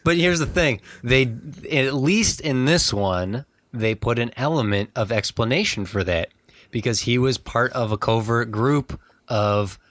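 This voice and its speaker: Male podcast co-host, mid-pitch, animated film talk, dry sound. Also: a little slow, dry recording. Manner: animated, acts out quoted lines. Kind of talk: casual film discussion.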